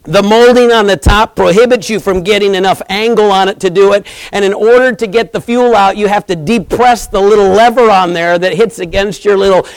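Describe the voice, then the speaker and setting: A middle-aged male preacher telling a folksy story in a sermon, animated and repetitive. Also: high voice, fairly quick, hardly any pauses, clear, resonant tone, no room sound, low-quality recording.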